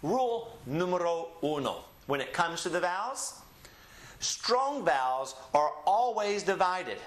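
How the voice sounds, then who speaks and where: A man teaching a recorded language lesson, explaining step by step and repeating words slowly. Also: high-pitched, very animated, a bit bright, roomy sound. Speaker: Spanish teacher.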